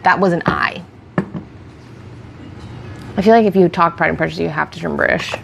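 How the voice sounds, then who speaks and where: Speaking at a moderate pace with vocal fry, a woman with a fairly low voice chats and rambles through a casual get-ready-with-me stream. She answers viewers' questions on a close streaming mic against a noisy background.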